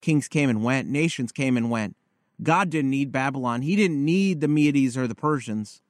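A man preaching a sermon, telling a story in a measured, earnest way. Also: medium pitch, no room sound, clean studio sound. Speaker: pastor.

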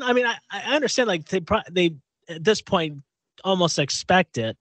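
A man's voice: sits high, moderate pace, a bit bright, no echo. A middle-aged man co-hosting a casual radio show chat, rambling and restarting as he acts out little quotes. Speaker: co-host.

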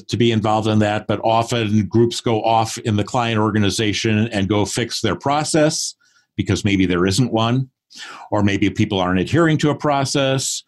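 A man in his sixties, a guest on a podcast, who talks thoughtfully and often acts out remembered conversations. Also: on the low side. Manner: thoughtful, acts out quoted dialogue. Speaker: podcast guest, performance consultant. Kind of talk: casual interview talk.

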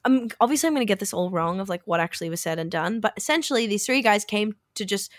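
Speaking fast and animatedly at a medium pitch, a woman co-hosting a podcast tells a chatty story and acts out the dialogue she quotes. The recording is dry and studio-clean.

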